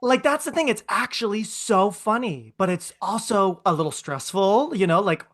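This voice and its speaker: A woman's voice: mid-range voice, expressive, moderate pace, noisy background. A woman in her thirties co-hosting a podcast, chatting casually in a gushing, rambling way with lots of restarts. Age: 30s. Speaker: podcast co-host. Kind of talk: casual chat.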